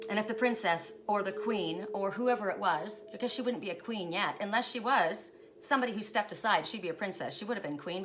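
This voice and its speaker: A woman's voice: medium pitch, a bit bright, a little hiss or hum. A woman telling spiritual stories in a casual vlog, emotional and rambling, often ending her sentences with "right?". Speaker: spiritual guidance storyteller.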